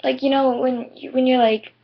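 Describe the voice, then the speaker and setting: A woman's voice: sits high, little pitch movement, moderate pace. A teenage girl telling a story to camera in a chatty, rambling way, full of "like" and "you know". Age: teens. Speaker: vlogger. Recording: dull lo-fi webcam audio.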